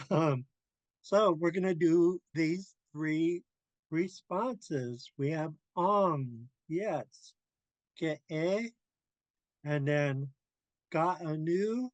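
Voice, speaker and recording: A man teaching a language class, drilling pronunciation slowly and carefully and laughing often. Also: a little high, no room sound, muffled recording.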